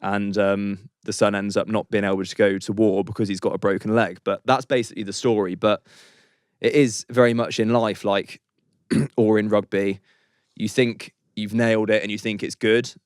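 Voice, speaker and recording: Husky-voiced English man telling a story. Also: lowish voice, little pitch movement, normal speed, no room sound, clean studio sound. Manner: rambling, chatty, says "like" and "um" often. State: losing his voice. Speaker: podcast guest. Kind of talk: casual storytelling.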